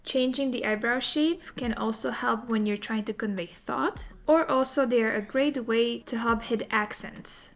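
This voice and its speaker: A woman teaching animation in a recorded tutorial, explaining in a clear, methodical way. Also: on the high side, normal speed, hardly any pauses. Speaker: animation instructor.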